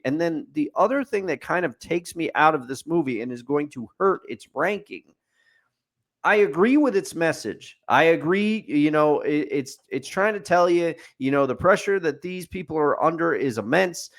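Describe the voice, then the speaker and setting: A man's voice: on the high side, animated, normal speed. A man co-hosting a podcast, giving an opinionated, rambling movie review in casual chat with fillers and restarts. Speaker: podcast co-host. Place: studio.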